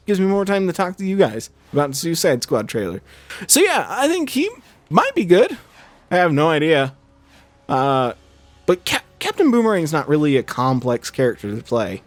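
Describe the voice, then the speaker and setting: A man's voice: a little high, huge pitch swings, normal speed, dry recording. A young man chatting casually over a game he is playing, rambling with many fillers and restarts. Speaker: gaming channel host. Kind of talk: casual let's-play commentary.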